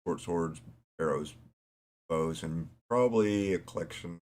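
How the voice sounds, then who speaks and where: A man running a tabletop game as game master, describing events in a low-key, dry way. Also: measured pace, darkish tone, slight background noise.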